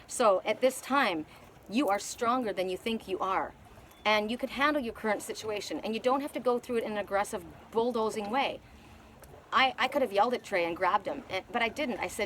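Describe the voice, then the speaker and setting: An older woman talks quickly through a spiritual card reading, her words tumbling out in a rush. She sounds earnest and rambling, and she often repeats herself and restarts her sentences. Her voice sits at an ordinary middle pitch for a woman. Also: a bit bright, a little hiss or hum. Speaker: oracle card reader.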